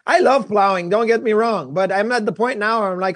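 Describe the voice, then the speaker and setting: High-voiced man telling hockey stories. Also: a little fast, no room sound. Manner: storytelling, animated. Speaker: co-host, former goalie. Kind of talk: casual sports chat.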